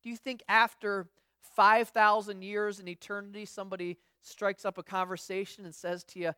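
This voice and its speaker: A woman's voice: mid-range voice, little pitch movement, moderate pace, pushed and bright, smooth, no room sound, clean studio sound. A woman pastor giving a conversational sermon, telling stories with frequent restarts and acting out what others say. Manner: storytelling, frequent restarts, acts out quoted voices.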